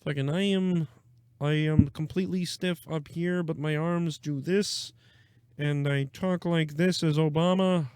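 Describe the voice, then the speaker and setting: A man's voice: fairly high pitch, fairly even intonation, a little mellow, clear, resonant tone, no room sound, lightly acted. A man doing a mock impression of a stiff, robotic president who talks like a frog puppet. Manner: slow, mechanical delivery.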